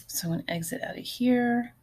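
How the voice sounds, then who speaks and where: Woman, teacher, gravelly vocal fry, slow patient phonics instructions, repeats words. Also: on the high side, a little mellow, a little hiss or hum. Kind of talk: online phonics lesson.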